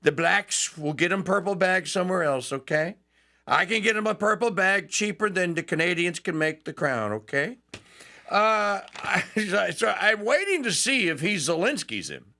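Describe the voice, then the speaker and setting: A man's voice: sits high, lively intonation, normal speed, bright, forceful tone. A man from Louisiana hosting a talk radio show, delivering a folksy, joking monologue with mocking asides.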